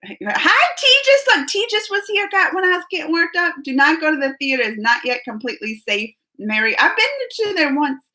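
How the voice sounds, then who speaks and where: Woman, forties, bright sharp voice, animated, casual live-stream host. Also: high-pitched, fairly quick, rough recording. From United States. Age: 40s. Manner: animated, repeats herself, talks straight to chatters by name.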